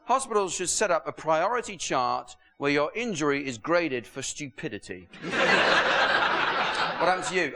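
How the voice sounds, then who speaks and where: Pitched on the high side and moving at a moderate pace, this comedian and show host performs a deadpan stand-up routine full of dry sarcasm for a crowd. Laughter from the audience can be heard over the hiss of a VHS rip.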